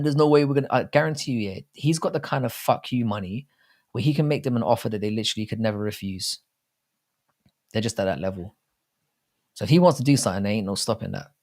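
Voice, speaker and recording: A British man talks through a live stream, his voice sitting a little low. He rambles loosely and swears freely, in a chatty, off-the-cuff way. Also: a little mellow. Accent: British English. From Britain. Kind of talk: casual live chat.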